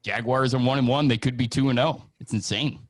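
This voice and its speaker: A man hosting a casual sports podcast, chatty and excitable as he leads the talk. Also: medium pitch, fairly quick, no echo. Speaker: host.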